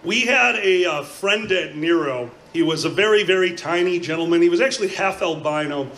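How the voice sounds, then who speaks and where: A man on a live convention comedy panel, telling an animated story with bursts of shouting. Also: high-pitched, moderate pace, low-quality recording. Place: convention panel room with audience. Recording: crowd noise from live audience.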